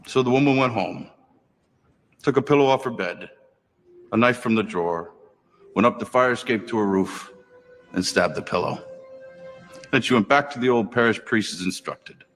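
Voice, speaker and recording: A man narrating a story in a measured storytelling style, with dry, wry asides. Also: medium pitch, fairly bright tone, big-room sound, soft background music.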